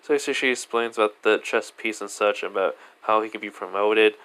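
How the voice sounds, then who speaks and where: A man's voice: fairly low pitch, fairly quick, a bit bright, clear, resonant tone. A man casually retelling a fan story, rambling with lots of fillers.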